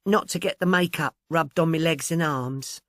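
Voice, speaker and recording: A man's voice: on the high side, normal speed, a bit bright, no echo, studio quality, voice pushed up, lightly acted. A man voicing a timid young Cockney chorus girl who stammers nervously. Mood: timid, frightened. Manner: timorous, stammering.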